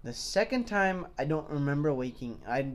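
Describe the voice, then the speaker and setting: A young man co-hosting a podcast, telling animated stories in casual chat, swearing freely and acting out what people said. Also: fairly high pitch, normal speed. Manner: animated storyteller, swears freely, acts out quoted voices. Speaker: podcast co-host.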